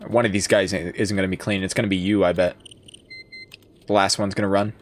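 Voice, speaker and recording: A man's voice: deep voice, flat delivery, a little fast, slight background noise. A young man doing playful, jokey let's play commentary as a gaming streamer.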